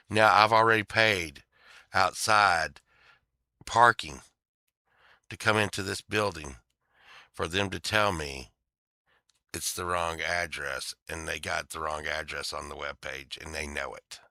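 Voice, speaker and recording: A man's voice: fairly low pitch, takes it slowly, pauses often, pushed and bright, no echo, clean studio sound. Angry man ranting through a story. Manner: angry, swears a lot, acts out other people's lines. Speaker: vlogger telling a story. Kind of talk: casual profane storytelling rant.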